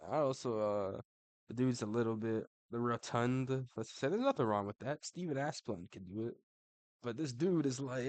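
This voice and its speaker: A man's voice: mid-range voice, brisk, no room sound. A young adult man giving casual ranking commentary, slangy and profane, saying "bro" after nearly every line. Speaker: MMA commentator.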